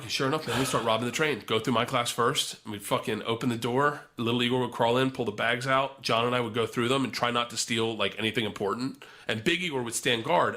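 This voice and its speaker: A young man telling a wild story in casual podcast chat, swearing freely and acting out the other people's voices. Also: mid-range voice. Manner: animated, profane storyteller who acts out voices. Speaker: podcast guest.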